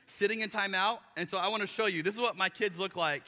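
A man in his thirties preaching a sermon, telling animated stories and acting out quoted voices with exaggerated emphasis. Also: high voice, fast, noisy background. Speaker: pastor. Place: church hall. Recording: live church hall with long reverb.

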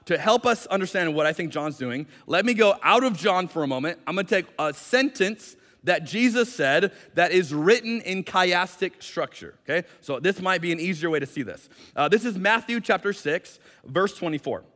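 A man's voice: high-pitched, expressive, normal speed, hardly any pauses, a bit bright, long reverb tail. A male pastor preaching a sermon in a conversational, explanatory way with light jokes, speaking in a church sanctuary.

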